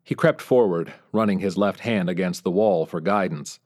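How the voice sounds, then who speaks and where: A man with a lowish voice narrates a story in scripted fashion. His delivery is measured and steady, built for an audiobook.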